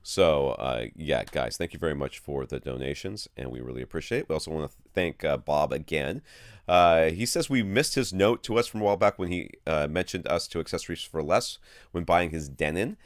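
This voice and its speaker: A man with a low, deep voice co-hosts a casual podcast in a dry, close-miked sound. He rattles through news quickly and stumbles over words, laughing off his slips. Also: expressive, no echo. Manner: fast, rambling reading of news with slips. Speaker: podcast co-host.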